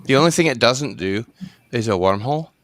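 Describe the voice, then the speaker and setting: A man's voice: mid-range voice, lively intonation, brisk, a bit bright, no echo. A man chatting on a video call, adding wry remarks. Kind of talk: casual video call chat.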